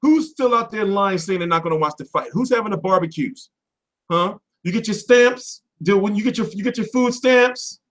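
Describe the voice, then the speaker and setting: A man hosting a boxing livestream from home, ranting off the cuff with lots of swearing, switching between loud outbursts and mumbled asides. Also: high voice, a little fast. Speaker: boxing commentary livestream host. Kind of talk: profane off-the-cuff rant.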